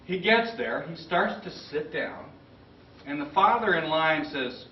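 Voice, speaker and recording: A man's voice: fairly high pitch, moderate pace. A man in his fifties tells a story to a club meeting, acting out what people said. He sounds far from the mic in a roomy space. The recording is dull and lo-fi, with a faint hiss behind him. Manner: lively storyteller acting out quotes. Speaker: club speaker. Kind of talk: storytelling speech.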